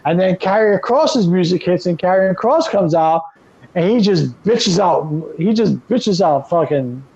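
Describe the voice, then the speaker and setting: High gravelly man on a lo-fi mic. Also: measured pace. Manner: animated, profane storytelling. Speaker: podcast co-host. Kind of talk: casual wrestling chat.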